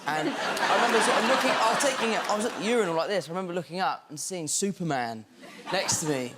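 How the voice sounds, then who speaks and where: A man's voice: high-pitched, animated, fast talker. A young man, a talk show guest, telling a funny story playfully and laughing. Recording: studio audience with crowd noise.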